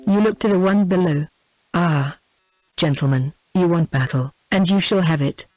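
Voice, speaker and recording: Give me a cool-headed young swordsman, read by a synthetic British woman, steady and even. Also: lowish voice, moderate pace, no room sound, faint music behind, lightly acted, rough recording. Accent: British English.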